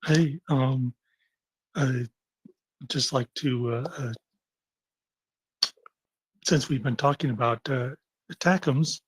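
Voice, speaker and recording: Halting American man, husky voice. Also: medium pitch, no room sound. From United States. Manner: halting, deadpan jokes, many fillers. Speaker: panel speaker.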